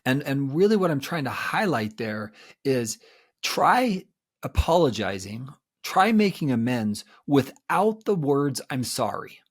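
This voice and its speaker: A man's voice: medium pitch, sing-song, measured pace. A man talking as a guest expert in an interview, earnest and explanatory, often repeating words as he starts a thought. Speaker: guest expert on betrayal recovery.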